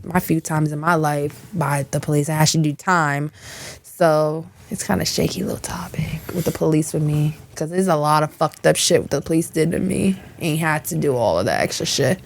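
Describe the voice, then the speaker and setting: A woman's voice: low voice, moderate pace, creaky. A young adult woman, a podcast guest, telling a story casually with lots of swearing and laughter. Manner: profane, animated, frequent laughter. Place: podcast studio.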